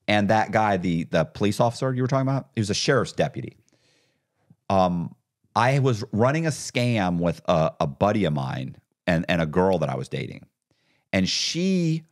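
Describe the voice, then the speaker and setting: A man talking as a podcast guest, telling his story casually and acting out what other people said. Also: low-pitched. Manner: animated, acts out others' lines in quotes. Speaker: podcast guest, former con artist.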